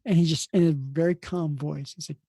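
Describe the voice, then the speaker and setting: A man's voice: on the high side, fairly even intonation, brisk, vocal fry, warm tone, slightly rough, dry recording. A man who hosts a podcast and works as an emergency nurse, telling stories casually and rambling with many restarts. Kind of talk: casual storytelling.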